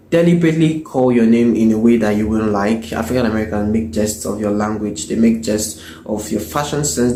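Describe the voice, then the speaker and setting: A man giving a measured opinion monologue, pausing on fillers and correcting himself as he goes. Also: fairly low pitch, dark tone. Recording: echoey and noisy recording.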